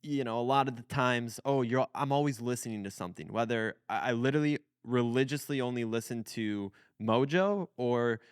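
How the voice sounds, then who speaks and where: A man's voice: medium pitch, brisk, hardly any pauses, clean tone, no echo, studio quality. A man in his twenties hosting a podcast in a casual, rambling chat, full of fillers and restarts. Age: 20s. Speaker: podcast host.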